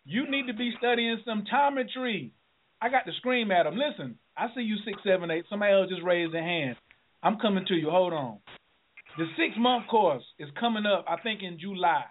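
Man, radio host, high voice, excitable, preachy, tinny phone line. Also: brisk, a little hiss or hum. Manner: excitable, preachy, shouts and laughs often. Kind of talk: lively call-in radio talk.

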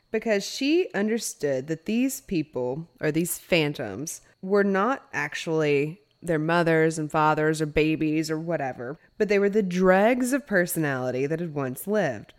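A woman co-hosting a podcast, telling a story in casual chat, animated and laughing often with playful asides. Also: low voice. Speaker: podcast co-host.

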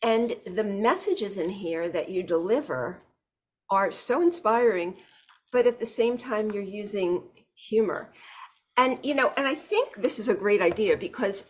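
A woman hosts an interview and keeps her guest going with frequent short replies. Her voice is husky and breathy at a middle pitch. The audio is dull and lo-fi. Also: animated, moderate pace. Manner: encouraging, backchannels often. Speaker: interview host.

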